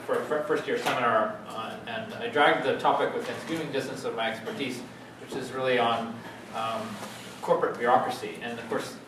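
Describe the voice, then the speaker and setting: A man giving an academic lecture as a guest speaker, halting with many fillers and restarts. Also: medium pitch, steady tone. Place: lecture hall. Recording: echoey hall, distant mic, noisy.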